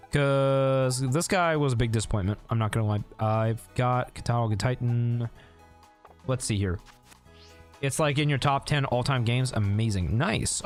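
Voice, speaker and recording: A man streaming a video game, talking casually as he plays, thinking aloud and answering chat, often breaking into laughter. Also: mid-range voice. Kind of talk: casual gameplay commentary.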